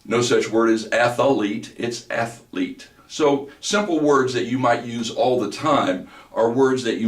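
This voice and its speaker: A man teaching a speech class, talking deliberately and sounding words out slowly and precisely. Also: medium pitch. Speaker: speech instructor. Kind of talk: recorded lecture. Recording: echoey room, mic at a distance.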